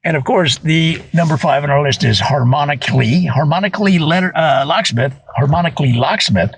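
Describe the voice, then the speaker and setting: A man delivering a deadpan comic monologue in an earnest, mock-serious way, talking straight to viewers with small fillers. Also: on the high side, a little fast, a little hiss or hum, poor audio. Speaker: comedian doing a mock review video.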